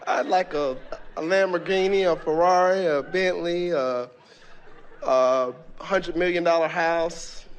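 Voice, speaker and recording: A man's voice: a little high, background noise. Hesitant man asking from the audience. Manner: halting, with many filler sounds between items. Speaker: audience member asking a question. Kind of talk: hesitant question from the floor.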